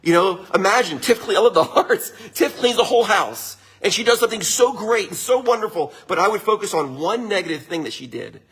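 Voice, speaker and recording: A man's voice: high voice, expressive, a little fast, few pauses, fairly bright tone, husky. A middle-aged man, a winery owner, giving a casual motivational talk to viewers in an upbeat, chatty way, often tagging his lines with a question. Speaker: winery owner hosting a livestream.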